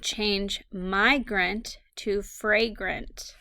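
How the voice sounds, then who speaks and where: Slow, gravelly-voiced woman dictating spelling. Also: mid-range voice, steady tone, sharp tone, dry recording, clean studio sound. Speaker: teacher. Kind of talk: recorded phonics lesson, dictating words.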